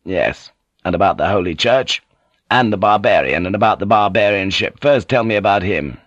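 Guy playing a stern old lord giving orders, low voice, stiff and formal, dry close sound. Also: expressive, normal speed, fairly bright tone, dry recording, highs cut off. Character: stern older male feudal lord, proud and commanding.

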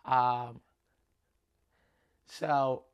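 Female comic, low voice, loose podcast monologue, swears, acts out lines. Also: drawn-out words, smooth, lo-fi sound. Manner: animated, swears, acts out dialogue in quotes. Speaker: stand-up comedian. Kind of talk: casual solo podcast storytelling.

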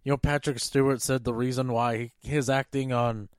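A man co-hosting a podcast, making wry, relaxed remarks in a casual movie review. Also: medium pitch, normal speed, clear, resonant tone, dry recording, clean studio sound. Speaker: podcast co-host.

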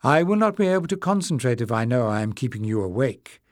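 A man's voice: mid-range voice, big pitch swings, fast talker, no room sound, close to an everyday voice. Guy doing a young king, polite but tense and impatient, plain mid voice, dry sound, audiobook.

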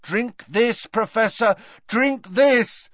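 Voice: medium pitch, sing-song, slow, fairly bright tone, no room sound, lo-fi sound, pitched above the performer's own voice, exaggerated voice. A reader voicing a frightened teenage boy who urgently and shakily coaxes someone to drink, in an audiobook. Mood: desperate. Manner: urgent, pleading, shaky. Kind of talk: audiobook character voice.

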